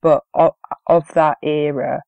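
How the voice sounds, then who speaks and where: A woman with a low, warm voice co-hosts a relaxed film review podcast. She chats easily, with frequent ums, and the sound is close and dry. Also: takes it slowly, gravelly, no room sound, highs cut off. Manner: easygoing, chatty with frequent ums. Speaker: podcast co-host. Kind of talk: casual film review chat.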